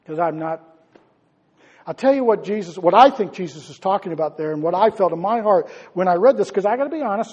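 A man who is a pastor, preaching a conversational sermon, asking his congregation questions and swinging between loud and hushed delivery. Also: sits high, fast talker, breathy edge, in a large hall. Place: church hall.

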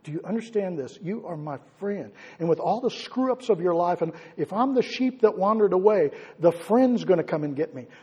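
Man preaching, pastor, sermon, mellow husky voice, long hall reverb. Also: high voice, animated, brisk, few pauses, muffled recording. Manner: conversational, asks the congregation questions, swings between loud and hushed. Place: church hall.

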